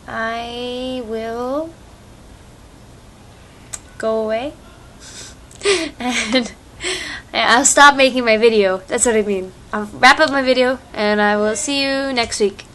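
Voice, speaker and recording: A woman's voice: fairly high pitch, fairly bright tone, a little hiss or hum. A young American woman chatting casually in a vlog, rambling with lots of fillers, recorded on a phone. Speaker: vlogger. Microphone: phone microphone.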